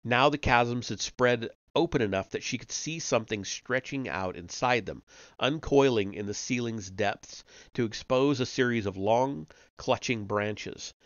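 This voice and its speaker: A man reading a novel aloud on a live stream, steady with small slips and self-corrections. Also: medium pitch, a little slow, no room sound, highs cut off. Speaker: audiobook reader on a live stream.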